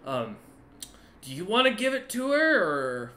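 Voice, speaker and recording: A man's voice: high voice, very animated, measured pace, pushed and bright, echoey room, voice pushed up, heavily acted. A man voicing a laid-back, joking guard captain in a tabletop game. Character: wry male guard captain, easygoing.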